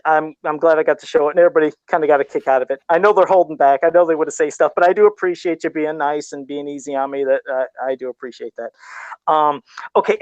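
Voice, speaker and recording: A man's voice: on the high side, dry recording. Easygoing, self-mocking man, dry sound. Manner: laid-back, self-deprecating, laughs often. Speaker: podcast co-host and toy customizer. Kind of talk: casual chat on a live video podcast.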